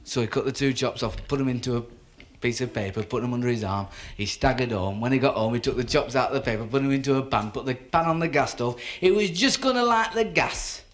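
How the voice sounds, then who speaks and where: Brief: male comic, mid-pitched, spins a drawn-out story gag with character voices. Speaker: stand-up comedian. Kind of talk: stand-up storytelling joke.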